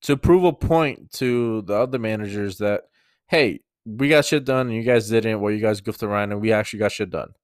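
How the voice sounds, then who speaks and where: A young podcast host rambles through a work story, swearing often and restarting or correcting himself mid-sentence. His fairly low voice moves at a moderate pace, recorded dry and studio-quality on a mouth-close microphone.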